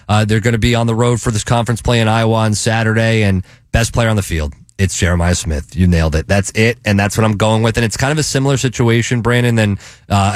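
Man, betting show host, casual chat, enthusiastic, halting restarts, dry sound. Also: lowish voice, no room sound.

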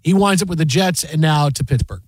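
High-voiced animated sports radio man. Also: brisk, no echo. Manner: animated storyteller, loud sing-song impressions. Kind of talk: casual sports radio banter.

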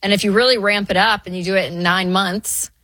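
A woman's voice: mid-range voice, fairly even intonation, a little fast, a bit bright, no room sound. A woman co-hosting a call-in advice show, talking in a plain, encouraging way. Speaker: radio show co-host.

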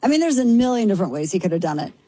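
A woman's voice: medium pitch, big pitch swings, warm tone, slightly rough, no room sound. A woman hosting a talk show, delivering a brash, sarcastic opinion monologue. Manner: brash, sarcastic, fast-shifting.

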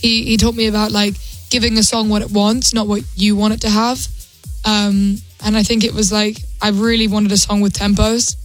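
A woman's voice: medium pitch, little pitch movement, normal speed, faint music behind. A woman singer-songwriter talking casually in a radio interview, chatty and full of fillers and restarts.

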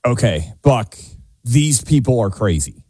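A man's voice: mid-range voice, big pitch swings, a little slow, noisy background. A man from Tennessee hosting a talk radio show, blunt and declarative. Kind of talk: opinionated talk radio commentary.

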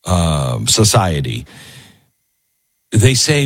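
A man's voice: on the low side, huge pitch swings, takes it slowly, husky, dry recording. A middle-aged man hosting a talk show in a conversational style, breaking off and restarting his sentences. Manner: conversational, self-interrupting, with fillers. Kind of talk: talk radio monologue and ad read.

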